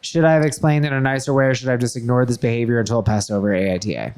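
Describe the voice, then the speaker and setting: A man's voice: mid-range voice, racing, darkish tone, smooth. A man hosting a podcast who reads a listener's story aloud with playful, jokey asides, then chats casually. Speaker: podcast host.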